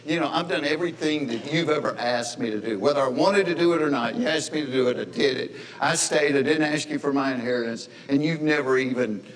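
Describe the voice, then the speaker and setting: A man's voice: mid-range voice, brisk, few pauses, in a large hall, close to an everyday voice. A man voicing a resentful, dutiful older brother who complains about being overlooked. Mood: indignant. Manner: indignant, complaining.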